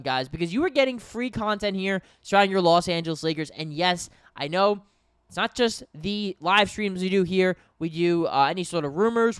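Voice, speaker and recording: A man's voice: fairly high pitch, a bit bright, smooth, no room sound, clean studio sound. A young man doing casual live play-by-play commentary, talking to viewers, a little tired and yawning. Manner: conversational, addresses viewers as guys. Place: home in New York.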